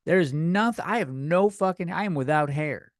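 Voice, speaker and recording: A man's voice: on the high side, lively intonation, normal speed, no echo, studio quality. A young man hosting a comedy podcast, ranting in a rambling, profane, self-deprecating way at a desk microphone. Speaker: podcast host.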